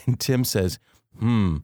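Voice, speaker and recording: Deep-voiced earnest man telling faith stories. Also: no echo, studio quality. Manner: earnest, warm-humored storytelling with slow emphatic phrasing. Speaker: devotional podcast host. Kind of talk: faith-based storytelling podcast.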